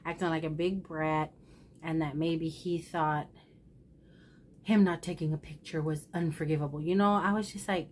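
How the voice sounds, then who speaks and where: Speaking unhurriedly with long pauses, this thrift haul vlogger has a low-pitched voice and fairly even intonation. She confides in her viewers in a casual chat to camera, candid, emotional, and self-deprecating. A little hiss or hum can be heard.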